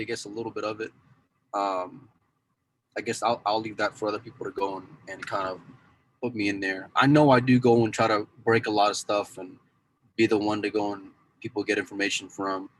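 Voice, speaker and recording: Male podcast regular, deeper voice, loose rambling chat with lots of self-corrections. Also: a bit bright, a little hiss or hum, rough recording. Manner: rambling, repeats "go and", many restarts. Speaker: pool news insider and cue dealer.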